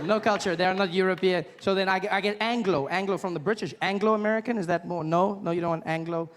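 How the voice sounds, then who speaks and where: On stage in front of a live crowd, a man in his thirties does stand-up, spinning animated stories and acting out voices. He talks fast with few pauses in a voice that sits high, and the big-room sound carries crowd noise in a noisy background.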